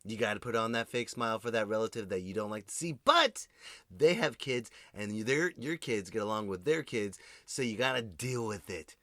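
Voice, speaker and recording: A man hosting a podcast, delivering an animated comedic monologue, swearing freely and talking straight to his listeners. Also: on the low side, moderate pace, dry recording. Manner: addresses listeners directly. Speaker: podcast host.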